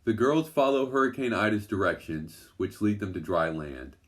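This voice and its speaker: A man reading a children's adventure story aloud in a gentle, even storytelling manner. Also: on the low side, moderate pace. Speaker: storybook narrator.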